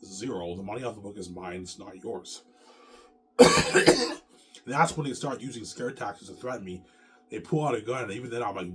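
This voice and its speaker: A man's voice: fairly low pitch, fairly quick, pauses often, fairly bright tone. A man hosting his own channel, ranting to the camera in an agitated, profane, repetitive way. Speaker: channel host.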